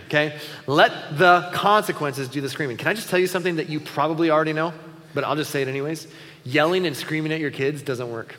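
A man preaching a conversational sermon in a large auditorium, his fairly high voice ringing out with a long hall echo. He sounds earnest and a little self-deprecating, speaking plainly to the congregation like a friend. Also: sharp tone. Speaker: pastor. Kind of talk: sermon on parenting.

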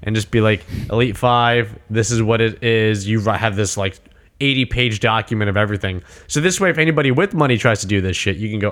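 A man with a fairly low voice chatting casually and with growing excitement. He swears freely and slips into little acted-out bits of dialogue as he talks things through. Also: fast talker. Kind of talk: casual chat.

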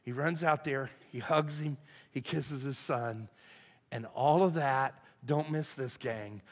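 An older man, a lead pastor, preaching a sermon in a folksy, conversational way that swings from hushed to loud. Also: mid-range voice, slow pace. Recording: long hall reverb.

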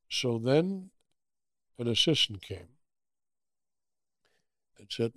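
Older man, German accent, gravelly, dry close sound, lively storytelling. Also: medium pitch, slow pace, pauses often, dry recording. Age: 80s. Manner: animated anecdotes with acted-out quotes. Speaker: guest. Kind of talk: storytelling interview.

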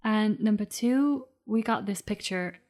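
Gentle woman player in character. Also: mid-range voice, a little slow. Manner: gentle, reassuring. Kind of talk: in-character role-play.

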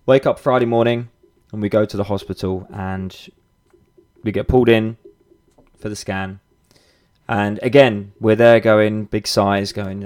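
A man's voice: fairly low pitch, fairly even intonation, measured pace, pauses often, a little mellow. A man in his thirties, hosting a podcast, tells a personal story in a candid, casual way, with swearing, fillers and restarts. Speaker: podcast host.

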